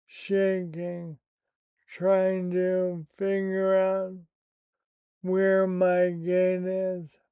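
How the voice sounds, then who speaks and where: Guy slowly telling a rough story, flat high-ish voice, swears a lot, dull dry lo-fi sound. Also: no room sound. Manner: slow, candid and profane, recounting an upsetting event. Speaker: vlogger telling a personal story. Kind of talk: casual storytelling monologue.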